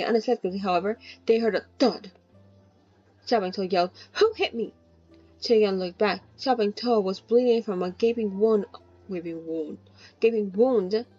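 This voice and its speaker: A woman's voice: medium pitch, darkish tone, highs cut off. A woman reading a novel aloud in a casual way, stumbling and correcting herself now and then. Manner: reads steadily, breaks in with cheeky swearing asides and self-corrections. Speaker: reader of a novel. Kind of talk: casual read-aloud with commentary.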